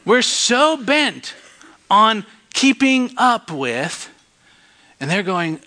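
A man preaching a sermon, telling a story and swinging from hushed tones to loud outbursts. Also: high-pitched, very animated, very slow.

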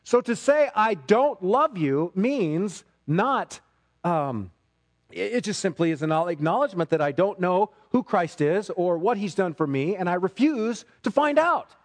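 A man preaching a sermon as a pastor, emphatic, dropping low and rising to loud, intense stretches. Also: lively intonation, measured pace. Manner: emphatic, swings between quiet and loud.

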